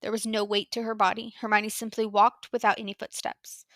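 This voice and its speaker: A woman narrating a fan fiction audiobook in a measured, earnest storytelling voice. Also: mid-range voice, level tone, fairly bright tone, no echo. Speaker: audiobook reader.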